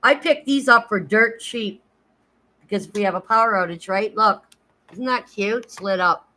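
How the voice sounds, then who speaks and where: A middle-aged woman on a home livestream shows her pantry and thanks viewers, chatty, emotional and near tears. Her mid-range voice is bright and forceful at a moderate pace. The rough recording carries a little hiss or hum.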